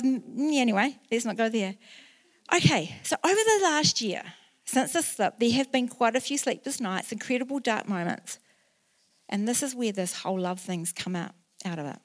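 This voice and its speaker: A woman in her sixties with a New Zealand accent preaches in church. Her mid-pitched voice tells a personal story earnestly and climbs into loud, emotional outbursts. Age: 60s. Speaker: pastor. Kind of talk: sermon.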